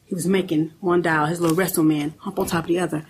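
A woman's voice: fairly low pitch, fairly even intonation, fast, few pauses, a little hiss or hum. A woman giving blunt, emotional testimony in a courtroom, cursing often as she talks. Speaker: defendant speaking in court.

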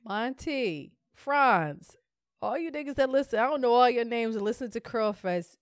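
Loud, tipsy woman podcast host. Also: a little high, normal speed, dry recording, studio quality. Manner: loud, animated, tipsy and playful. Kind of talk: casual chat.

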